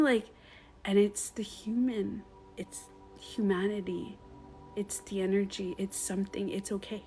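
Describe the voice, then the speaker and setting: A woman's voice: fairly high pitch, normal speed, faint music behind. A woman who works as a meditation coach, rambling in a casual live-stream monologue with lots of swearing.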